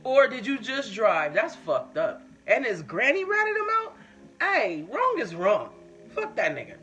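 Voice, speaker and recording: A woman's voice: fairly high pitch, big pitch swings, unhurried, a bit bright. A woman hosting a live stream in casual chat. She tells her own stories candidly with plenty of swearing and reads viewer comments aloud. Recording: muffled lo-fi stream audio.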